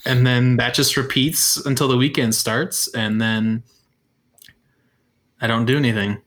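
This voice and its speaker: A young man with a bright, forward voice chats on a podcast with friends. He rambles through his day with fillers and small laughs, in an easy, unhurried way. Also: medium pitch, steady tone. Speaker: podcast co-host. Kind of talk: casual chat.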